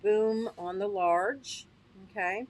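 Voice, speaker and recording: A woman's voice: mid-range voice, fairly even intonation, takes it slowly. A woman hosting a casual livestream, chatty and upbeat, who often checks in with her listeners and laughs at herself. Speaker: host. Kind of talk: casual livestream product demo.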